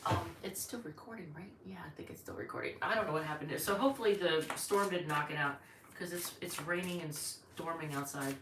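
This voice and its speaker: Low-voiced woman reading tarot, echoey. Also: brisk, distant mic. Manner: rambling, chatty, thinking aloud. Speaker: tarot reader. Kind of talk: live-streamed tarot reading. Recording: echoey room, voice off-mic, faint noise.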